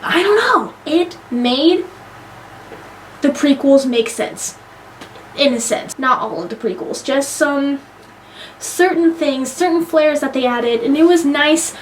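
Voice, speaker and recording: High-voiced, excitable young woman reviewer. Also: slow pace, pauses often, slight background noise. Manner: excitable, gushing, swears freely. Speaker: movie reviewer. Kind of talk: casual vlog review.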